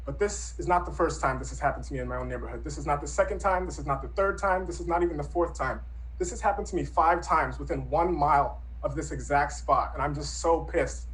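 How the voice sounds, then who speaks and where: A man's voice: fairly high pitch, fast, fairly bright tone, poor audio. Earnest man telling a personal story. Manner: earnest, reflective, conversational with acted-out quotes. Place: Brooklyn.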